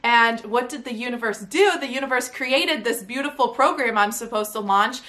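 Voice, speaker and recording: Chatty animated woman telling a story. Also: on the high side, normal speed. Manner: chatty, animated, frequent "like" and "right?". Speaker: podcast host and coach. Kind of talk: casual storytelling monologue.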